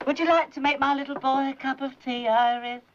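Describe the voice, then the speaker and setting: Heard over a dull, faintly hissing old film soundtrack, a performer in a 1970s comedy voices an elderly, overbearing mother who nags, gossips and poses as a psychic, fussing theatrically as she rambles. The voice is high, fairly quick and fairly bright, with a steady tone.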